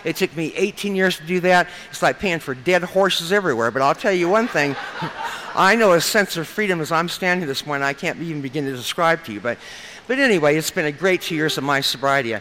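A woman's voice: low-pitched, animated, brisk, a bit bright, a little hiss or hum, poor audio. A woman in her fifties from Nebraska, speaking at a recovery meeting in a chatty, humorous storytelling style, often addressing the crowd as you guys. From Lincoln, Nebraska. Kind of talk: storytelling talk at a podium.

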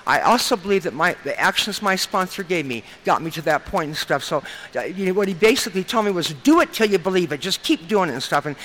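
Fast, bright-voiced woman telling her story. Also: lowish voice, slight background noise, rough recording. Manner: earnest, repeats phrases, often adds "and stuff". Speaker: speaker sharing at a recovery meeting. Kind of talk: personal testimony told to a group.

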